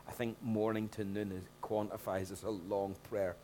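Animated male preacher with loud bursts. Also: fairly low pitch, normal speed, hardly any pauses. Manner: animated, rising to loud emphatic bursts when acting out scenes. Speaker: pastor. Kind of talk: sermon.

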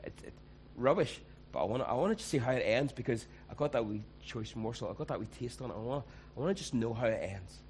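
A man's voice: mid-range voice, expressive, fast, few pauses, a little mellow, a little hiss or hum, low-quality recording. Man preaching a sermon. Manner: conversational, acts out quoted voices.

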